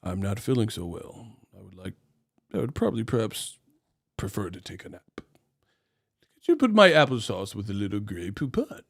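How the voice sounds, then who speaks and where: A man voicing a prim, overly formal little kid who speaks in a quiet, stiff, mock-posh way. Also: on the low side, very animated, moderate pace, creaky, pauses often, husky, dry recording, clean studio sound, pitched below the performer's own voice, full character voice.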